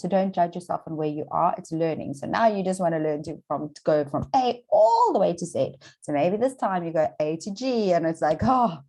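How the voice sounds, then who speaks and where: A woman's voice: deep voice, gravelly, darkish tone, husky, rough recording. An Australian woman coaching viewers on manifesting in a chatty, encouraging motivational talk to camera, repeating her points and using plenty of fillers.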